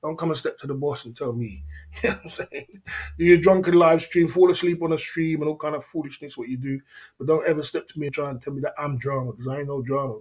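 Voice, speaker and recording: A man's voice: fairly high pitch, a little mellow. Indignant man ranting on a livestream. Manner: indignant, repetitive, slangy, laughs often. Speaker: livestream host. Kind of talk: casual livestream rant.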